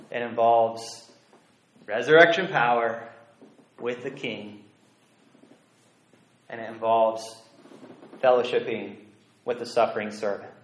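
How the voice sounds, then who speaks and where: A man preaching a sermon as a pastor, earnest and deliberate, dropping to a hush on key phrases. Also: medium pitch, reverberant, poor audio. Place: church sanctuary.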